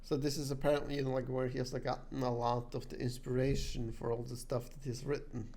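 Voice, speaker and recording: A man's voice: mid-range voice, flat delivery, fast, dark tone. A man hosting a podcast in casual chat, laid back and heavy on fillers, at times reading from notes. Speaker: podcast host.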